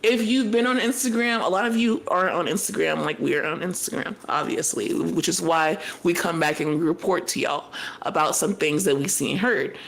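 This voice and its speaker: A young woman co-hosting a podcast, recapping a reality show in casual chat, animated and profane, telling the story in bursts. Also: lowish voice, brisk, vocal fry, few pauses, poor audio. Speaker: podcast co-host.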